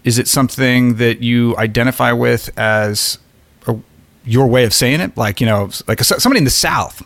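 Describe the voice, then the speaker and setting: A middle-aged man talking things through in a relaxed conversation, with a gravelly, creaky edge to his voice. He thinks out loud, restarting his sentences and breaking into short laughs. The sound is close and dry. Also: medium pitch, no echo. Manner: reflective, halting with frequent restarts and laughs. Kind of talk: casual conversation.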